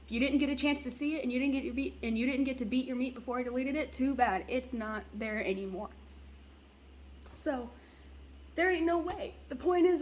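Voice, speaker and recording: A woman's voice: sits high, slight background noise. A young woman venting bluntly in a casual vlog, swearing freely as she rants. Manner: blunt, profane, ranting. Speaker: vlogger.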